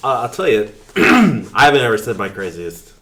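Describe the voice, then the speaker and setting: A man's voice: mid-range voice, very animated, moderate pace, pushed and bright. A man, a teacher telling a story on a podcast with many restarts and quotes. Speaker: teacher and coach. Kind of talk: telling stories in a podcast interview.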